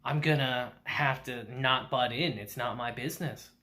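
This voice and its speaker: A man putting on a low, flat voice for a serious, deadpan young man. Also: normal speed, lightly acted. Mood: solemn.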